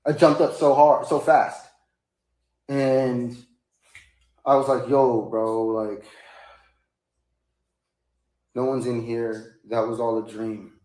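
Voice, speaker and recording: A man telling a long personal story in a casual, rambling way, sometimes rising into high, loud bursts. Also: steady tone, slow, pauses often. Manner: rambling, rising to high-pitched outbursts when quoting himself. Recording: echoey room.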